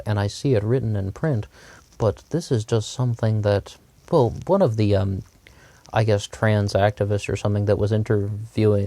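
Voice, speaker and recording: A man's voice: fairly low pitch, dark tone, no room sound. A man giving a rambling opinion monologue, hesitant and repetitive, with frequent restarts. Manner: rambling, hesitant, repeats himself. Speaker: commentator.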